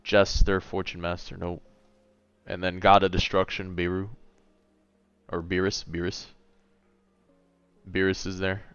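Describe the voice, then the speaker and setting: Deep-voiced laid-back man in his late twenties. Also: completely flat delivery, a little slow, long pauses, fairly bright tone, clear, resonant tone, no room sound, lo-fi sound, faint music behind. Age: late 20s. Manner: laid-back, chatty, a little tired. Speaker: gaming streamer. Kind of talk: casual livestream chat, reading chat.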